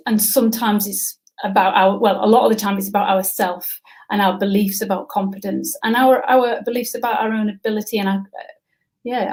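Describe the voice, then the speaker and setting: A middle-aged woman, a coach and career consultant, is a guest in a conversational expert interview. Her mid-range, darkish voice comes through on a low-quality recording, and she speaks thoughtfully with many fillers and restarts.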